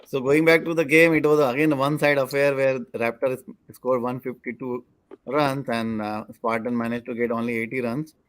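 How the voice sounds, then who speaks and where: A man's voice: medium pitch, level tone, moderate pace, no room sound. Earnest man, dry video call. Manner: earnest, restarts sentences, non-native grammar. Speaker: cricket analyst. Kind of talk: casual panel discussion on a video call.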